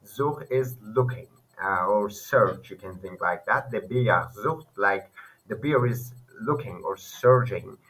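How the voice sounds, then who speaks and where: A man's voice: on the low side, takes it slowly, a bit bright, rough recording. Hesitant man. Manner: hesitant, many fillers and self-corrections. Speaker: language learner teaching online. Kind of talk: casual screen-share lesson.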